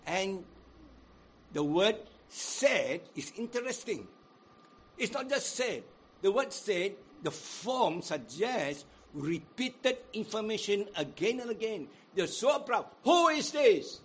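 A man's voice: sits high, expressive, slow, slight background noise. A man preaching a sermon, acting out quoted crowd cries with rising and falling emphasis. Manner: sings hymn unaccompanied.

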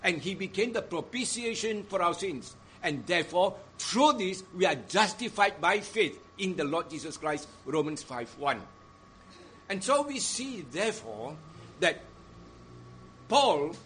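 A man preaching a sermon in a deliberate, emphatic way, stressing repeated phrases. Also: high-pitched, a bit bright, a little hiss or hum.

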